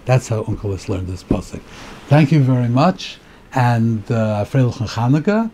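A man, a rabbi, giving an informal weekly Torah class, talking conversationally, thinking aloud, repeating words and getting excited when he makes a point. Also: mid-range voice, moderate pace, a little hiss or hum. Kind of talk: informal spoken Torah lecture.

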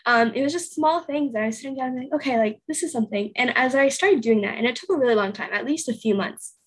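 A woman's voice: high-pitched, fast, breathy edge. An eighteen-year-old woman guest on a podcast, telling a casual story full of fillers and acting out her own past thoughts. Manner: chatty, filler-heavy storytelling with acted-out inner quotes. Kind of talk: casual interview conversation.

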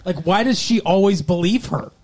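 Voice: medium pitch, normal speed, a little mellow. Opinionated podcast co-host, rambling. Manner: opinionated, profane, loose rambling. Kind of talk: casual TV recap chat.

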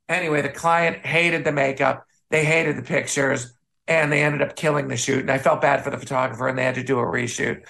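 A man's voice: medium pitch, fairly quick, creaky. A man from the Midwest, a photographer and author, telling stories casually as an interview guest and acting out the people he quotes. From Midwest United States. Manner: animated anecdote teller, acts out quoted voices.

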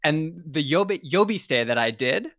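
A man in casual chat, telling an anecdote with hesitant fillers and pauses. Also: a little high, expressive. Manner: halting storytelling with fillers.

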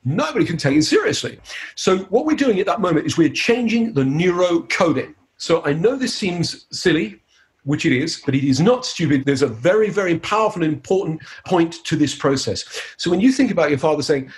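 A man's voice: a little high, animated, a little fast. A man, a hypnotist, leading a live teaching demonstration in an upbeat, playful way. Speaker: hypnotist giving a seminar.

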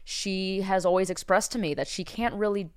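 A woman speaks frankly in a casual conversation and presses her points with emphasis. Her voice is smooth and clear. It sits at a middle pitch. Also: normal speed. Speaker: podcast co-host. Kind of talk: casual chat.

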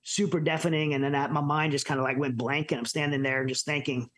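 Fast-talking earnest American man. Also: on the high side, flat delivery, fairly bright tone. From United States. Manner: earnest, halting, many fillers and restarts. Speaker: podcast guest. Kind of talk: personal storytelling in an interview.

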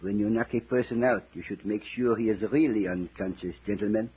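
A husky-voiced nightclub waiter who turns every threat into a courtesy, addressing everyone as gentlemen. It is a 1940s radio drama heard through a thin, phone-like old transcription. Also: male voice, on the low side, fairly quick. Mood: coolly menacing. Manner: stiffly formal, repeats "gentlemen". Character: suave menacing male nightclub waiter, formal.

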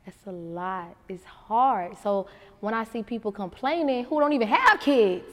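Miami woman, animated guest storyteller, casual, hall reverb. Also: medium pitch, a little slow. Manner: animated storyteller acting out quotes. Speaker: interview guest. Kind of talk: casual interview chat.

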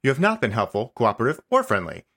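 A man reading the lines of a stubborn, passive-aggressive male AI chatbot in a comedy podcast, insisting he is right and tacking on a deadpan "smiley face". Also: mid-range voice, quick pace, exaggerated voice. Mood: self-righteous. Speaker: podcast host. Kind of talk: comedic dramatic reading of a chat log.

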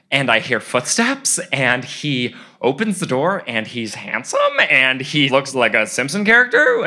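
A young man in his twenties telling a personal story live on stage, animated and often laughing as he goes. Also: mid-range voice.

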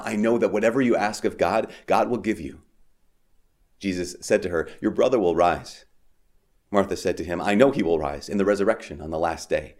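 A man with a fairly low voice reads scripture steadily and solemnly as a priest. He then slips into a loose, conversational homily full of fillers and quick asides. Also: a little mellow. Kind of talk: Gospel reading and casual homily.

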